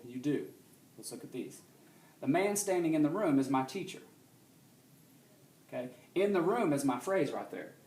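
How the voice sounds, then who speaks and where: A male teacher of medium pitch records a grammar lesson in a classroom with a reverberant sound. His explanations are steady, punctuated often by quick questions checking that students understand.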